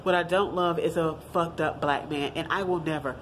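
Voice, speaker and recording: A woman's voice: sits low, moderate pace, a little hiss or hum. A woman, giving her blunt, profane opinions in a casual vlog and talking straight to her viewers. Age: 30s. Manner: blunt, profane and animated, addressing viewers as y'all. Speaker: vlogger.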